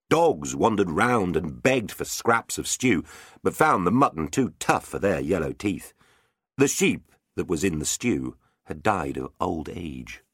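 A man narrates a storybook in a very low voice, full of playful expression. His pitch ranges widely as he shapes each line. The recording is dry and close. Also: husky, dry recording. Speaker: audiobook narrator.

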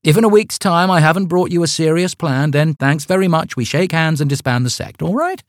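A man voicing a bossy, pompous young male leader of a small satanic sect, ranting in a raised, loud voice. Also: a little high, expressive, a little fast, no room sound, studio quality, pitched above the performer's own voice, natural voice. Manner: grandiose, ranting.

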